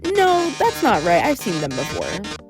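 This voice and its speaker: A woman's voice: medium pitch, wildly swooping pitch, a little slow, music in the background. A woman voicing an aggressive woman shopper who keeps repeating her demands. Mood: insistent. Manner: demanding, repeats herself insistently.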